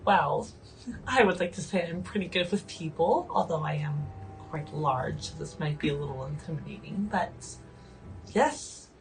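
A woman playing a tabletop game, speaking in a gentle, hesitant, chatty way. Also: low-pitched, lively intonation, moderate pace. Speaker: player. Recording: distant mic with faint music.

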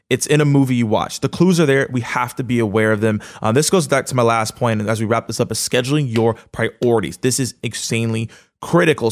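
A man hosting a podcast, speaking in a casual, energetic motivational monologue with lots of fillers and quick bursts. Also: medium pitch. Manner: energetic, casual, fast-talking with many fillers. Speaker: podcast host.

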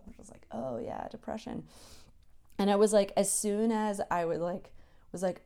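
A tired, tearful woman speaking in a soft, halting way in a reflective personal voice diary, sometimes dropping into a whisper, then chatting with lots of fillers. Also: mid-range voice, steady tone, clean tone. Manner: chatty storytelling with many fillers. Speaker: creator sharing a personal diary recording.

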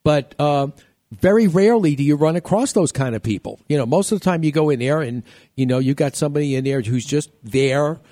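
A man's voice: on the high side, lively intonation, fairly quick, mellow, no room sound. Radio host, man from New York, jokey, rambling, dry close sound. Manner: joking, rambling, laughs often. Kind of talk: casual radio talk.

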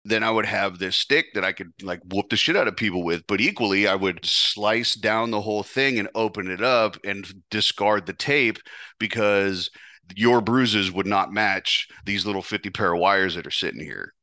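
A man's voice: on the low side, moderate pace, sharp tone, no room sound. A man hosting a podcast, telling his own story in a blunt, profane way, often restarting with repeated words. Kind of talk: casual storytelling monologue.

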